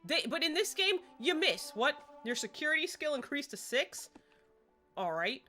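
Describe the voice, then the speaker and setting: A woman's voice: high-pitched, big pitch swings, moderate pace, sharp tone, soft background music. A woman livestreaming a game at home, chatty and self-deprecating in casual gameplay commentary.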